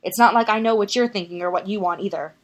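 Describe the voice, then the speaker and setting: A woman's voice: mid-range voice, fast talker, lightly acted. A woman voicing a guarded, sarcastic young man in an audiobook reading of a story. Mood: defensive. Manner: sarcastic, tense.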